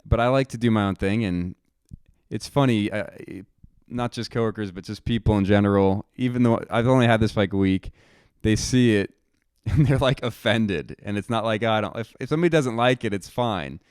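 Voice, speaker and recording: A man's voice: on the low side, normal speed, darkish tone, clear, resonant tone, no echo, studio quality. A young man rambling through a casual monologue, swearing freely and acting out what he and others said. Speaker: podcast host telling a personal story.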